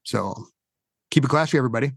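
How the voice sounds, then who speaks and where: Gravelly man rambling on a podcast. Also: mid-range voice, fast. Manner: loose and rambling, with many fillers. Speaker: podcast co-host. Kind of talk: casual podcast chat.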